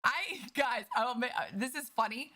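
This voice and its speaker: A woman's voice: fairly high pitch, normal speed, pushed and bright. A woman livestreamer chatting casually with her viewers, candid and profane as she vents. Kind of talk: casual chat with stream viewers.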